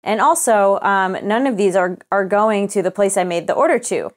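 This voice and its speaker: A woman's voice: medium pitch, normal speed. A young woman co-hosting a podcast, telling a frustrating story with casual swearing and acted-out quotes. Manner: animated storytelling, swears freely, acts out quoted exchanges. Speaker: podcast co-host. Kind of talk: casual chat.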